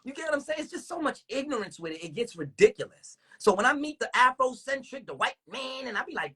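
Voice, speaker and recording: Woman, husky, sharp bright tone, profane casual livestream rant, rhetorical questions. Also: high voice, fast talker, hardly any pauses. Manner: animated, profane, heavy use of rhetorical questions. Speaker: livestream host.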